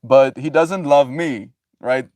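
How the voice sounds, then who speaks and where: A man's voice: mid-range voice, takes it slowly, a little mellow, dry recording. Rambling, laughing male livestreamer. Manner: rambling, laughs often, loose filler-heavy talk. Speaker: livestreamer reading chat. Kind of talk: casual spiritual musing.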